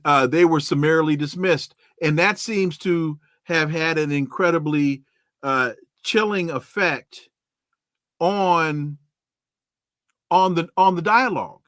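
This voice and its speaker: A man from California hosting an interview podcast, asking long, deliberate questions with stammered restarts. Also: fairly high pitch, a bit bright, no room sound, studio quality. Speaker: podcast host.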